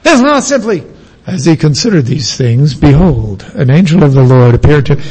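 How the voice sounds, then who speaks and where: A man preaching a sermon to a congregation, teaching at an easy pace and bursting into loud shouted exclamations for emphasis. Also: fairly high pitch, very animated, normal speed, slightly rough, low-quality recording. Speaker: pastor.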